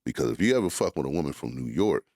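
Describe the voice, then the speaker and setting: A man's voice: extremely low pitch, expressive, rapid-fire, a little mellow, dry recording, clean studio sound. A man co-hosting a podcast in casual banter, telling profane stories with lots of acted-out quotes. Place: podcast studio.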